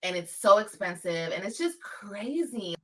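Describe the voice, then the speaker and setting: A woman's voice: medium pitch, big pitch swings, unhurried, far from the mic, low-quality recording. A woman from Los Angeles chatting casually on a livestream, emphatic and repeating her points. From Los Angeles, California.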